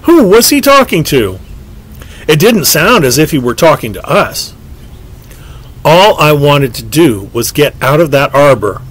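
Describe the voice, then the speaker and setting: A man narrating a story aloud in a lively, expressive way. His voice is fairly high for a man and rises and falls widely across each sentence. He reads as a scripted narration. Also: a little slow, slightly rough, rough recording. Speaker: audiobook narrator.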